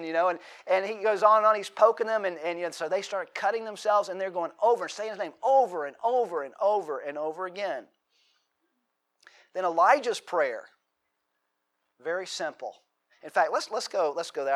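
A man's voice: a little high, fairly bright tone. Emphatic man preaching a sermon. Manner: emphatic preaching, repeats words, dramatic acted quotes. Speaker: pastor. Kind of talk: sermon with scripture reading.

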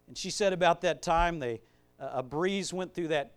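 High-voiced man preaching with emphasis. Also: normal speed, clear, resonant tone. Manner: builds from quiet reading to loud emphatic preaching; conversational asides with fillers and restarts. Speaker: pastor. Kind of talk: sermon with scripture reading.

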